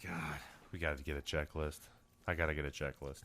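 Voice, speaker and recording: A man's voice: a bass voice, fairly even intonation, fairly quick, pushed and bright, slight background noise. A man co-hosting a casual podcast who talks bluntly, grumbles and swears heavily. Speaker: podcast co-host. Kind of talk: casual chat.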